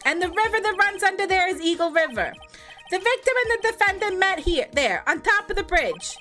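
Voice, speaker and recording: An eager young male detective, voiced by a woman who talks high, loud and earnest. His bright, forceful tone carries each line of the game reading. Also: very animated, a little fast, soft background music, full character voice.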